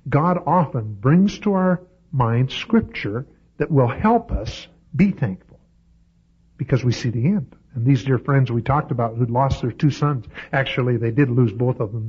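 A man preaching a sermon, swinging from loud, high-pitched peaks to low, quiet asides. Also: moderate pace, breathy edge. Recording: dull lo-fi recording.

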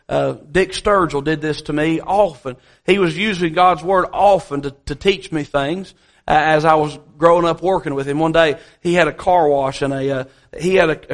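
A man's voice: on the high side, a bit bright. A man preaching a sermon as pastor, emphatic and repeating key phrases, with folksy asides, in a church.

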